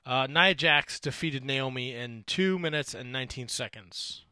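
A man's voice: medium pitch, measured pace, pushed and bright, no echo, studio quality. A man co-hosting a casual podcast, laid-back and wry. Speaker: podcast co-host. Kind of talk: casual wrestling chat.

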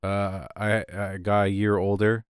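A man with a sinus cold and a lowered voice, chatting casually and telling stories on a podcast. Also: unhurried, clean tone, no room sound, studio quality. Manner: storytelling, animated. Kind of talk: casual chat.

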